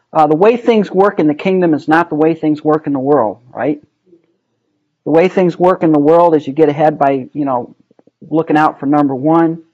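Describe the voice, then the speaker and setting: A man whose voice is on the high side and a little mellow leads a casual Bible study, recorded with lo-fi sound. He talks through the text conversationally, asks his group questions, and says "um" and "right" a lot.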